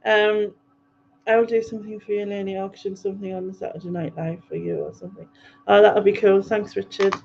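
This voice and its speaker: A woman's voice: mid-range voice, level tone, brisk, gravelly, a little mellow, soft background music. A woman hosting a livestream, casually rambling through viewer comments with frequent ums and laughs. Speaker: livestream host. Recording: dull lo-fi livestream audio.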